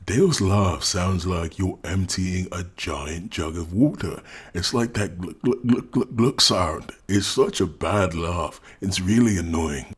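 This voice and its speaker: English man, low and husky, sarcastic commentary host. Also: animated, takes it slowly, hardly any pauses. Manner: mocking, exasperated, laughs often. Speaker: commentary YouTuber. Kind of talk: reaction commentary.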